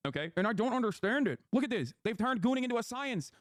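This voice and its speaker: Fast, high-voiced ranting male streamer. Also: no echo, studio quality. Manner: animated ranting, profane. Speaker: streamer host. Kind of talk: casual stream chat.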